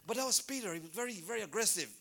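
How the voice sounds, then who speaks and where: A man preaching a sermon at a church service, animated, repeating names and breaking into shouted exhortations. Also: high voice, rapid-fire, vocal fry.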